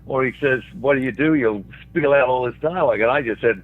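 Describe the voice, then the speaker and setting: A man's voice: medium pitch, expressive, fast talker, vocal fry, few pauses, breathy edge. An older man from Australia, a guest telling anecdotes with chuckles along the way. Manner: chuckles through his own stories. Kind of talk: anecdotal storytelling. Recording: tinny phone line.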